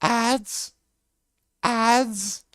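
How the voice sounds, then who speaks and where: A man imitating a timid man who speaks in a slow, high, prim lady voice. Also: steady tone, fairly bright tone, dry recording, clean studio sound, full character voice. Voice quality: high falsetto, drawn-out and breathy.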